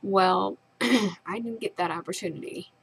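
A woman's voice: medium pitch, measured pace, gravelly, a bit bright, slight background noise, poor audio. A young woman vlogger earnestly retelling a distressing personal experience in her own words. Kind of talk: personal storytelling.

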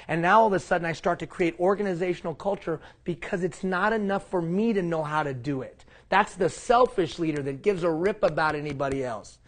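A man leading a leadership workshop, animated and asking the room questions. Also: sits high, a little fast, few pauses. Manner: animated, asks the room questions, acts out mock quotes. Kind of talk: live seminar talk. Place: classroom.

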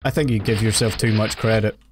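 A man commenting live as he plays a video game, excitable and joking, with sudden yelps. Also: fairly low pitch, brisk, noisy background. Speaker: game streamer. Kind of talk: casual live-stream commentary while gaming.

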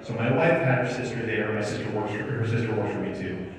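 Speaking fast in a lowish voice, a man running a convention chats to a live audience in a big hall, telling a story and performing the quoted dialogue of its characters. Crowd sounds fill the background, and the recording is echoey and distant.

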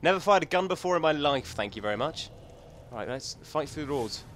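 A man's voice: on the high side, animated, brisk, fairly bright tone, a little hiss or hum. A man hosting a gaming channel, chatting and joking casually as he thinks aloud through gameplay commentary.

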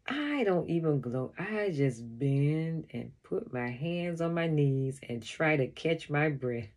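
A woman reads a children's chapter book aloud, unhurried and expressive. Her voice sits a little low and is husky, with a tune that rises and falls widely. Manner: expressive first-person storytelling. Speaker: storybook reader.

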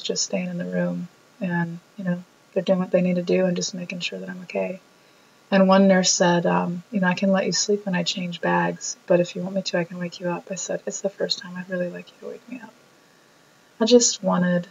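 A woman talking casually about her own hospital stay, telling stories with lively acted-out quotes. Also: vocal fry, breathy edge, dull audio. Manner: animated storytelling, acts out quotes in a bubbly high voice. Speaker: vlogger reacting to her own video. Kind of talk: casual reflective chat.

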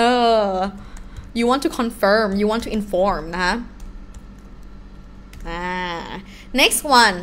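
A young adult woman with a Thai accent, teaching a live language lesson in an animated, encouraging way and asking the class questions. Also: mid-range voice, measured pace, long pauses, smooth.

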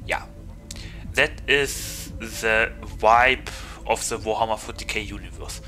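A German-accented VTuber game streamer chats loosely and jokingly with his viewers during a gaming livestream. His voice sits fairly low with fairly even intonation, and he talks slowly in a pushed, bright way. Faint music plays behind him on a low-quality recording.

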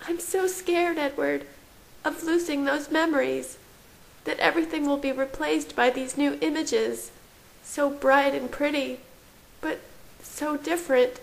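Young woman turned vampire, desperate, trembling, high voice, woman doing the voice. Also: steady tone, measured pace, vocal fry, rough recording.

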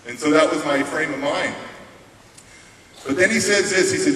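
Animated motivational speaker man in a hall. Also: a little high, normal speed, long pauses. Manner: animated and conversational. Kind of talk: storytelling keynote speech. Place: large hall. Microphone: distant room mic. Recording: echoey hall, distant mic, faint hiss.

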